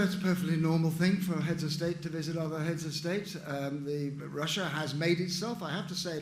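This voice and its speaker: A man's voice: on the high side, a little hiss or hum. An older man answering audience questions at a conference, frank and emphatic. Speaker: conference speaker. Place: conference room. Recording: echoey conference hall.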